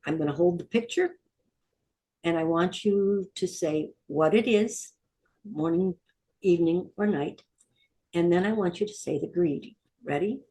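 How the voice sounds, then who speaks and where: A middle-aged woman leads a Hebrew vocabulary lesson, repeating each word with patient call-and-repeat drills. Her voice sits low and mellow, and she speaks slowly and deliberately for learners to follow. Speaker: Hebrew teacher.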